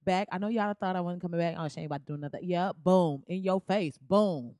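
A woman's voice: fairly low pitch, quick pace, clear, resonant tone, no room sound, clean studio sound. A young woman hosting a podcast, ranting casually with slang, jokes and riffs. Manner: animated, slangy, beatboxes and riffs. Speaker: podcast host. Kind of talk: casual comedic rant.

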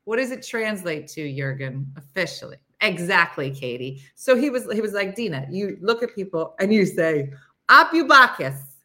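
A woman's voice: lowish voice, expressive, moderate pace, hardly any pauses. A woman hosting a casual morning live stream, chatty and rambling, laughing often and reading viewer comments aloud.

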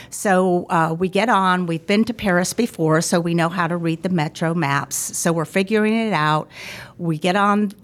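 A woman, a podcast guest, telling a travel story in a lively way and laughing as she goes. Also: fairly low pitch. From United States. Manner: animated, laughs through her story. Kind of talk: casual storytelling.

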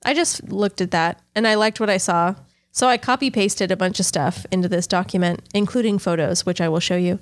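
A woman's voice: medium pitch, brisk, faint music behind. A woman co-hosting a podcast, chatting casually and teasing with crude jokes and frequent giggles. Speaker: podcast co-host. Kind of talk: casual comedic chat.

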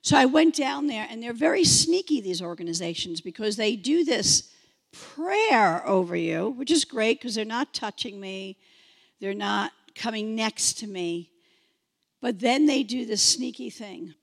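A high-pitched woman telling her own faith story in a slow, unhurried way. She acts out the voices of the people in it with lively swings. Her voice rings out with a long hall reverb. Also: vocal fry. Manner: animated, acts out quoted voices. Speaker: testimony speaker. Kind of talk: personal testimony storytelling.

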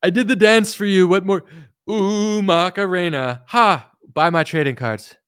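A man doing a mocking impression of a boastful male politician showing off for his fans, loud and drawn out. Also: sits high, clean tone, dry recording, clean studio sound. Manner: drawn-out, loud showman delivery.

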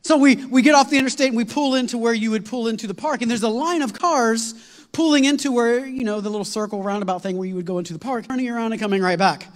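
A man preaching a sermon, telling a long story in an animated, rambling way with many fillers and restarts. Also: very high-pitched, fast talker. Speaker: pastor. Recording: long hall reverb.

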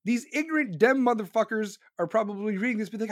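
A man's voice: sits high, fast, hardly any pauses, no room sound, clean studio sound. A man delivering profane political commentary in a crude, sarcastic manner.

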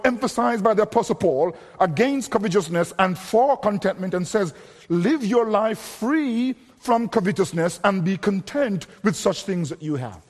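High-voiced emphatic male preacher in a hall. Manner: emphatic, repeats words when stressing a point. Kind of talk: sermon.

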